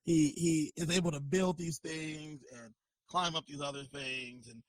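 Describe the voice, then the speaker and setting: Animated man with a higher voice. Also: unhurried, dry recording, poor audio. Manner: animated, acts out movie scenes in exaggerated voices. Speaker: podcast co-host. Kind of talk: casual chat.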